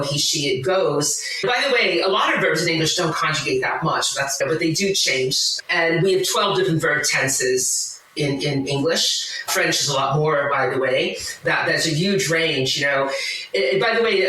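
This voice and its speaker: A woman's voice: low voice, a bit bright, heavy reverb, distant mic, poor audio. A woman guest talking enthusiastically, full of asides and tangents, in conversation. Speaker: podcast guest. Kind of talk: conversational explaining.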